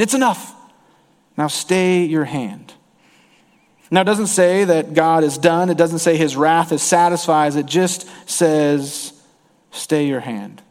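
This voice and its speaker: Man, pastor, sermon, earnest, rising and falling emphasis, long hall echo. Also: fairly high pitch.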